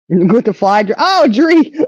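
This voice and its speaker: Playful woman with a lively voice. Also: high-pitched, slightly rough, dry recording, muffled recording. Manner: playful teasing, laughing often. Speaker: livestream host. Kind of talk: casual chat reading viewer comments.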